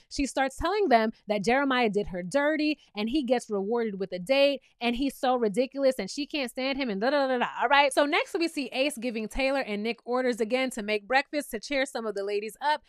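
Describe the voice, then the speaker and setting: Sassy high-voiced woman recapping. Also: no echo. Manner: sassy, talks back to the cast, animated asides. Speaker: reality show recap host. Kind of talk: casual recap commentary.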